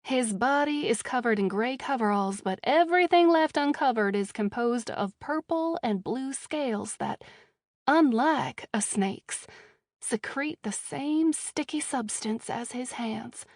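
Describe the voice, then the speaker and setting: A woman narrating a first-person audiobook with a wry, measured delivery, recorded close in a studio booth. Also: a little high, expressive, no echo.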